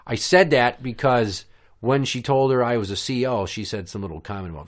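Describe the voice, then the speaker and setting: A man's voice: mid-range voice, fairly quick. A man hosting a podcast, telling a story in a blunt, sarcastic, profane rant. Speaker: podcast host. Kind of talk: casual ranting storytelling.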